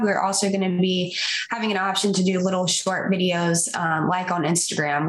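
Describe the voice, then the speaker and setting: Woman guest sounding earnest, lots of ums, kinda echoey room. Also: medium pitch. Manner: earnest, opinionated, hesitant fillers. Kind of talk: casual chat.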